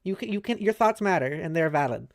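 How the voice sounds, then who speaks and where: An American woman streaming, chatting casually with viewers; she talks fast, slurs her words a little and fills her speech with "like". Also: lowish voice, lively intonation. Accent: American, maybe New England. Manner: reassuring, chatty, lots of "like" fillers. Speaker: streamer reading a webcomic aloud.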